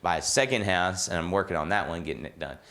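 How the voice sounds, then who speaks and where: A man hosting a podcast, telling a story in a casual, rambling and animated way, laughing as he goes. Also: low-pitched, fast talker, creaky. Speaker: podcast host and real estate coach.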